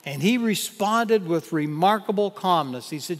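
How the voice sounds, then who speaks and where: An older man preaching a sermon as pastor in a church, earnest and measured, reading scripture aloud. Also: high voice, expressive. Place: church sanctuary. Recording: long church hall reverb.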